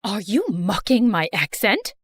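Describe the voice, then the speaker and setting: A woman voicing a strict math teacher in an animated story, stern and snappy. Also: medium pitch, measured pace, husky, dry recording, clean studio sound, exaggerated voice.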